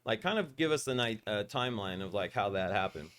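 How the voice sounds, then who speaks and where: Man, podcast host, rapid-fire rambling stories, lowish voice, swears freely. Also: slight background noise. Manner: rambling, profane, animated storytelling. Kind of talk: casual storytelling interview.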